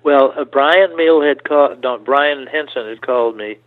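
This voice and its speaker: An older man tells his stories at an ordinary middle pitch. He keeps stopping, restarting and doubling his words as he talks. His voice comes through a thin, tinny, phone-like line. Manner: halting, restarts and repeats words. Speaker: guest. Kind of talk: storytelling interview.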